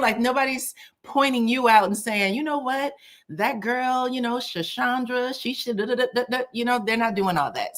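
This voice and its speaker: A woman's voice: mid-range voice, fairly bright tone. A woman hosting a casual live stream from home, greeting viewers by name and city and chatting loosely about online drama. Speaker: livestream host. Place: a cold room at home.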